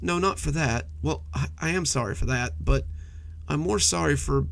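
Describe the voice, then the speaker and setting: A small monster child under the bed, high-voiced and stammering with fear, put on by a man. His voice has a gravelly edge. He blusters, then pleads, in a storybook horror tale. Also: normal speed, a bit bright. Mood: apologetic. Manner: timid, stammering, fearful. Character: frightened little monster boy under the bed.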